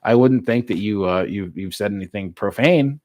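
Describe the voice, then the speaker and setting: Laid-back American guy, low voice. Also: normal speed, a little mellow, no echo. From United States. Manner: laid-back, lots of filler words, laughs easily. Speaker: streamer reading live chat. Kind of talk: casual live-stream chat.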